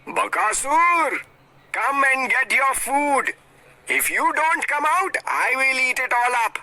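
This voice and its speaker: A woman voicing a huge, fearless young strongman who calls out loudly and mockingly in a storybook reading. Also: high voice, lively intonation, slow, voice pushed up, full character voice. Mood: taunting. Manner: loud, taunting calls.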